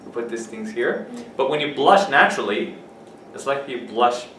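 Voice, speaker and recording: Distant teacher explaining words in an echoey classroom. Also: male voice, mid-range voice, lively intonation, moderate pace, a bit bright, a little hiss or hum. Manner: explains words with examples, asks students questions. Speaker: English teacher. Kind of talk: classroom vocabulary lesson. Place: classroom with students.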